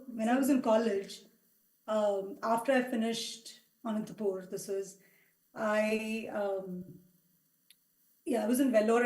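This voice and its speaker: A middle-aged woman giving a heartfelt devotional testimony, telling personal stories with many pauses and fillers. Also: mid-range voice, darkish tone. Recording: echoey hall sound.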